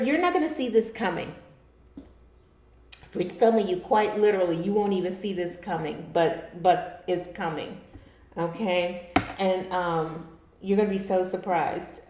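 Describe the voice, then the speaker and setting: A woman's voice: on the low side, warm tone. Chatty woman tarot reader, echoey room. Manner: chatty, laughs often, addresses viewers as darlings. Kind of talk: casual tarot reading to viewers.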